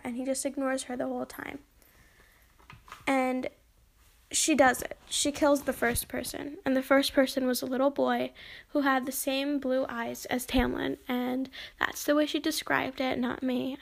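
A woman's voice: high voice, vocal fry. A young woman casually recapping a story's plot in a chatty way, acting out the quoted lines as she goes. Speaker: book discussion host.

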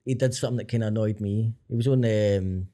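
A Scottish man, a podcast guest, chatting in an excitable, rambling way. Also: fairly low pitch. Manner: excitable, rambling, quick to laugh along. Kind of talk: casual chat.

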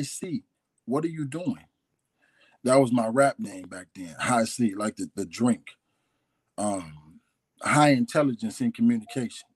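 A man's voice: medium pitch, slightly rough, dry recording. Man giving a raw, hesitant confession. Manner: confessional, hesitant, repeats himself. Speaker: guest telling his life story. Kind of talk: candid personal testimony.

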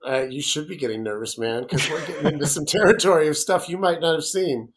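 A man hosting a casual podcast, running a movie quote quiz with animated readings. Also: fairly high pitch, fast. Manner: reads movie quotes in exaggerated impressions. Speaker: podcast host.

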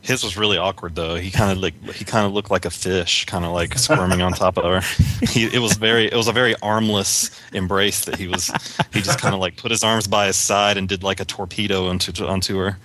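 A man with a very deep voice and a bright, forceful edge talks through movie scenes haltingly, stopping and restarting with a wry tone. He sounds like a casual podcast co-host. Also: steady tone, slight background noise. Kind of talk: casual film chat.

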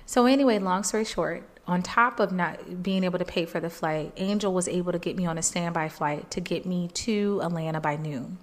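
Woman podcast host, personal storyteller, slightly low voice, earnest and animated. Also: brisk, few pauses. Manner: emotional, animated retelling, jumps high when quoting people; faith-filled, earnest.

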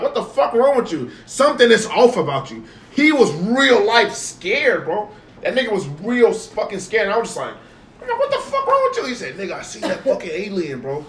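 A young man, telling a story to friends in a casual, animated way, swearing and repeating himself for emphasis. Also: sits high, recorded from a distance. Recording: echoey room, from off the mic, faint noise.

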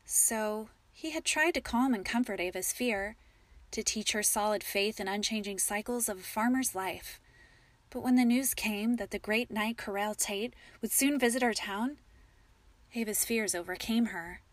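Calm woman narrating a story, dry sound. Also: medium pitch, moderate pace, no echo. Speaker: audiobook narrator.

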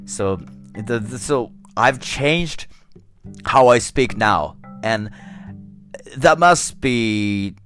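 A man's voice: lowish voice, a bit bright. A man with a Japanese accent talking in a casual monologue, careful and hesitant, often restarting words. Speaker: podcast host.

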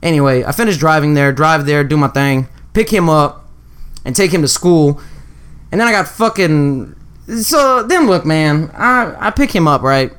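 A young man from the Houston area co-hosts a loose, casual chat and tells a story. He swears freely and acts out his own lines with a somewhat high voice that leaps up when he quotes himself yelling. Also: moderate pace, clear, resonant tone. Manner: profane, animated storyteller, acts out quotes loudly. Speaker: podcast co-host.

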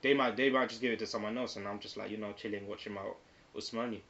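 Fast-talking young man, slightly muffled. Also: on the low side. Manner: quick and animated, slangy, breaks into put-on quotes. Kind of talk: casual banter. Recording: slightly dull recording with faint hiss.

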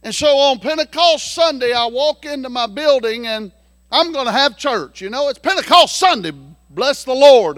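Preacher, man, very high bright voice, folksy, loud bursts, dry close sound. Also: animated, moderate pace, no echo. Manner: folksy storytelling, swings from hushed to shouting. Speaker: pastor. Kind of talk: sermon.

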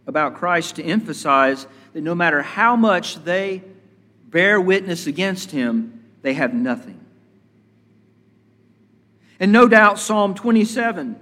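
A man preaching a sermon as a pastor, measured and deliberate, building emphasis through repetition. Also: fairly high pitch, a bit bright, long reverb tail.

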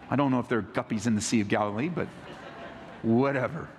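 A man's voice: medium pitch, fast. A man preaching a sermon, telling the story with energy and acting out the quotes. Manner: animated storytelling, acts out quotes, laughs. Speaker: pastor. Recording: echoey hall reverb.

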